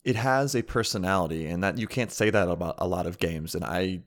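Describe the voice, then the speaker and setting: Deep voiced guy hosting a podcast, chatty and rambly with his questions. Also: a little fast. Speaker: podcast host. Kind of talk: casual interview.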